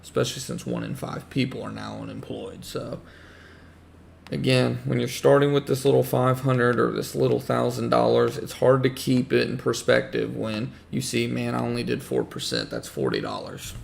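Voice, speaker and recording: A man hosting a casual livestream, hoarse as he loses his voice, rambling and repeating himself while greeting chat viewers. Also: medium pitch, moderate pace, slight background noise. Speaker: livestream host talking trading.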